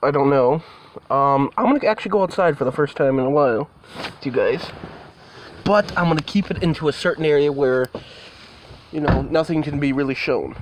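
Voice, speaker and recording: A man's voice: fairly high pitch, a little hiss or hum. A man giving a casual vlog update, rambling and talking to his cats, with the odd mild swear word. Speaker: vlogger. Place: indoors near a door, partly outside.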